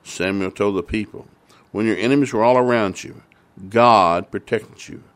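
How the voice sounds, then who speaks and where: A man's voice: on the low side, normal speed. A man preaching a sermon, retelling a Bible story and then pressing its lesson with earnest, repeated emphasis. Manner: earnest, repetitive emphasis, rising to fervent.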